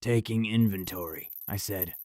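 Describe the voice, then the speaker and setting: A man narrating a first-person horror story in a dramatic, measured delivery. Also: on the low side, darkish tone, no room sound, clean studio sound.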